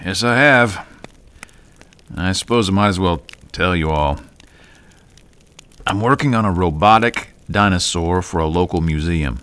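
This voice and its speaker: A man playing a scholarly professor in a radio drama, measured and slightly stammering. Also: sits low, fairly bright tone. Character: scholarly male professor building a robot dinosaur.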